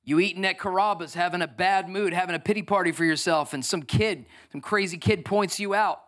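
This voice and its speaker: A man in his thirties preaching a lively sermon as pastor, acting out voices and swinging from loud bursts to soft, tearful moments. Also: sits high, fairly quick. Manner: energetic, acts out voices, swings from shouting to near tears.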